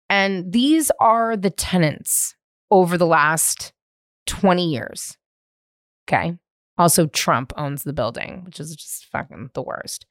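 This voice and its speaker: Foul-mouthed woman in her thirties, lower voice. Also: takes it slowly, no echo, clean studio sound. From San Francisco, USA. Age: 30s. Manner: profane, animated, rambling with many "like" fillers. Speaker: podcast host. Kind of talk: solo confessional storytelling. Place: at home in the living room.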